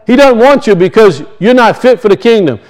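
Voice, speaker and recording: A man preaching an impassioned sermon in a church, repeating phrases and swinging between loud emphasis and quiet. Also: sits high, expressive, fairly quick, rough recording. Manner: impassioned, repetitive, rising and falling emphasis.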